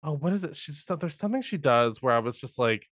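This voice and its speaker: A man co-hosting a podcast in casual chat, animated and laughing often. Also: a little high, fast, no echo, studio quality. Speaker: podcast co-host.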